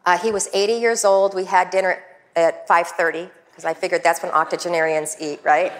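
Storytelling woman coach, fairly low voice. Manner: lively anecdotal storytelling with quoted voices. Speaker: guest coach. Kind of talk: storytelling talk.

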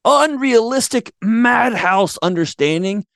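A middle-aged man, a guest on a podcast, tells a lively story in conversation, doing voices and laughing at himself. His voice sits extremely high, with animated intonation, a slow pace, and a gravelly, slightly bright edge. The recording is dry and studio quality.

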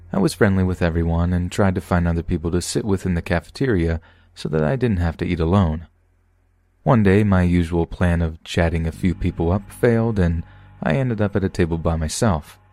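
A man narrating a submitted first-person story in a steady, measured podcast reading. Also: deep voice, no echo. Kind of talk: scripted horror story narration.

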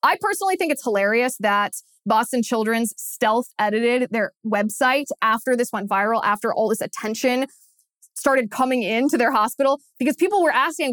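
A woman's voice: fairly high pitch, normal speed, fairly bright tone, no echo, clean studio sound. A woman hosting a political podcast, talking in a scornful, mocking way and hammering points home with repeated phrases. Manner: emphatic, repeats phrases for effect. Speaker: podcast host. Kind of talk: opinionated political commentary.

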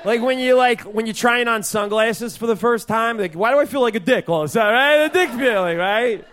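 A man putting on a loud brash Staten Island cousin. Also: extremely high pitch, fairly quick, voice pushed up. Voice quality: loud, hammy, crowd-baiting. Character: brash male cousin from Staten Island doing clumsy stand-up.

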